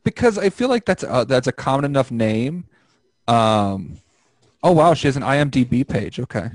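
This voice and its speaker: A man's voice: medium pitch, very animated, moderate pace, no echo. A young man hosting a casual podcast over an online call, rambling and joking crudely. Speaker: podcast host.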